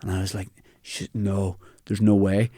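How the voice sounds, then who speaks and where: A man's voice: low voice, moderate pace, no room sound, studio quality. A young man with a Northern Irish accent, a comedian telling a funny story in casual chat. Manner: animated anecdote telling with quoted dialogue. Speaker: comedian guest.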